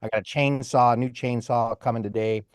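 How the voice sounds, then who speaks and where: A man's voice: mid-range voice, steady tone, fairly quick, clean tone, no room sound. A man, a voice actor, chatting casually on a livestream panel and telling rambling stories over a video call.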